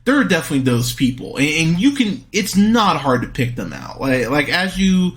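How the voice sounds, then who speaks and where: A man hosting a movie podcast, reviewing a film in a casual monologue, blunt and quick to swear in exasperated outbursts. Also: on the high side, sing-song, fairly bright tone.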